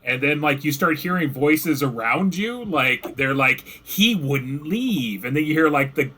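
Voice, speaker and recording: Bright-voiced man running a tabletop game. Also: a little high, expressive, moderate pace. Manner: rambling, filler-heavy descriptions. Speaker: game master.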